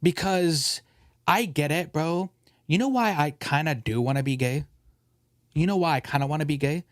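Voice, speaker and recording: A man's voice: on the high side, moderate pace, no room sound, studio quality. A man hosting a casual podcast, ranting and joking with his co-host, often mimicking other people's voices.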